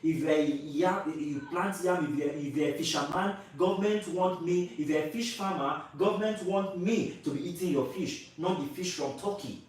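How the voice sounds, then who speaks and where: A Nigerian man speaking his mind to camera with a fairly high voice, pressing his points with repetition and rhetorical questions. His voice booms around a very echoey room, picked up from a little way off the mic. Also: normal speed, few pauses, far from the mic. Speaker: vlogger. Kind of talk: opinionated commentary to camera.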